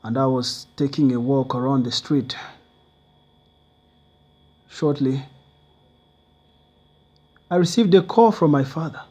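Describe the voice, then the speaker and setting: A man's voice: medium pitch, slow pace, long pauses, warm tone, slightly rough. A man telling a motivational personal story in earnest, simple phrasing.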